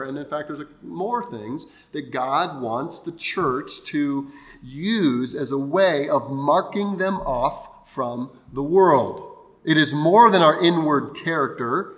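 A pastor preaching a Sunday sermon, explaining scripture in a conversational, teaching way. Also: male voice, fairly high pitch, expressive, slow.

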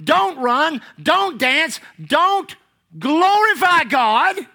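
A scornful devil put on by a preacher snaps short commands in a raised, pushed voice. The delivery is bright and forceful, with each order clipped off short. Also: sits high, very animated, drawn-out words, pitched above the performer's own voice, exaggerated voice. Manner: curt commands.

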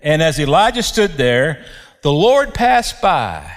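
A man preaching a sermon, reading scripture and explaining it with slow, emphatic delivery and dramatic pauses. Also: a little high, sing-song, big-room sound.

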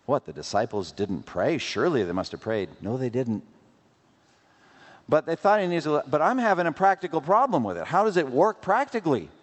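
A man delivers a sermon with plenty of rhetorical questions and playful asides. His pitch rises and falls in lively swings. The sound rings with a long reverb from a large hall. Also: brisk. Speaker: pastor.

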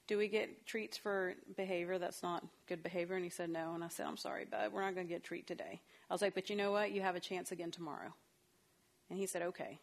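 A woman counselor giving a talk on parenting, telling stories from her own family in a chatty way and acting out the dialogue. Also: medium pitch. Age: adult parent of a young child.

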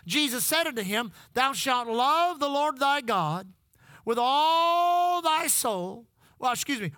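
A man's voice: very high-pitched, expressive, slow pace, bright, forceful tone, dry recording. A middle-aged man preaching a sermon, telling folksy stories and calling out to the congregation. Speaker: pastor.

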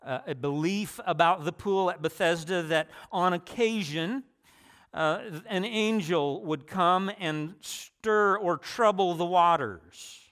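A man delivers a sermon in a relaxed, conversational way. His voice sits slightly high for a man, and he often backs up to restart a phrase or drops in a personal aside. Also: slow. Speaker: preacher.

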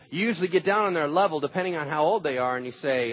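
A man preaching a sermon as pastor, telling stories and swinging between hushed tones and loud, emphatic points. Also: a little high, quick pace, hardly any pauses, dull audio.

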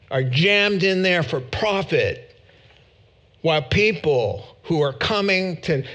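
A pastor preaches a sermon emphatically, repeating words to drive his points home. His voice is fairly high in pitch and fairly bright in tone.

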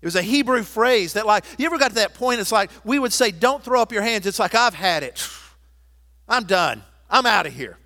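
A man preaching a sermon, quoting scripture and hymn lines and moving from loud emphatic declarations to soft, intimate asides. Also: high voice, animated, brisk. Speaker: pastor.

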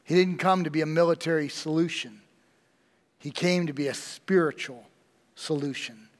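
A man preaching a sermon as pastor, slow and emphatic with dramatic pauses, in a church sanctuary. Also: on the high side, big-room sound.

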